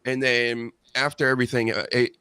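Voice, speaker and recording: A man hosting a casual wrestling podcast, animated and sarcastic, mocking people in high put-on voices. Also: a little fast, smooth, no room sound. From Boston area. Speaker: podcast host.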